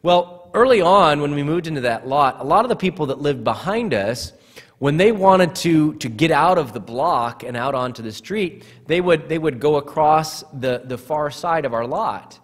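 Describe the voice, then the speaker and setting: A man's voice: fairly high pitch, animated, moderate pace. A man preaching a sermon as pastor, earnest, often repeating words as he starts a phrase. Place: church sanctuary. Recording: church hall reverb.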